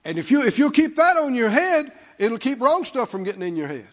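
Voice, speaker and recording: His voice very high-pitched, a bit bright and sing-song, a male pastor preaches a little fast, repeating words for emphasis and urging the congregation to respond. The recording has a dull, lo-fi quality and a long hall reverb.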